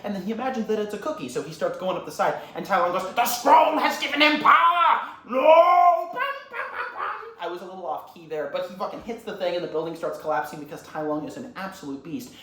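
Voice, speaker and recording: A man's voice: high-pitched, rapid-fire, hardly any pauses, a bit bright. A young man who rambles and swears a lot as he retells a movie scene in a casual, comic way. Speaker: YouTuber. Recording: roomy echo, faint ambient noise.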